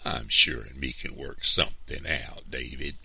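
A man playing a loud, blustering landowner bully. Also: very deep voice, measured pace, gravelly, breathy edge, no echo, exaggerated voice. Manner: loud, pushy, snapping. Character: blustering, threatening middle-aged landowner man.

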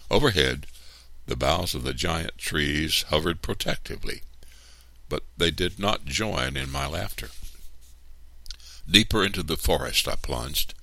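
Deep gravelly male storyteller. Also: dry recording. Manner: expressive, unhurried reading. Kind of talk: storybook read-aloud.

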